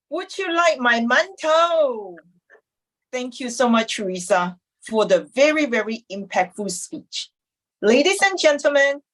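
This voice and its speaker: A woman hosting a club meeting, thanking a speaker and announcing a vote in a measured way. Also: fairly high pitch, fairly bright tone. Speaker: meeting host.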